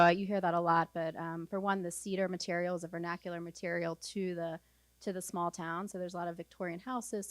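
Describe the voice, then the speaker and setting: A woman's voice: on the low side, no echo. A woman architect explaining a building's materials and technical details at a conference. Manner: technical, with fillers. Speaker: architect presenter. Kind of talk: conference presentation.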